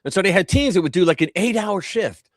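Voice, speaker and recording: Animated male live-stream host. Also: high voice, fast, no echo. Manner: animated, rambling, acts out quotes in raised voice. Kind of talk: casual political chat.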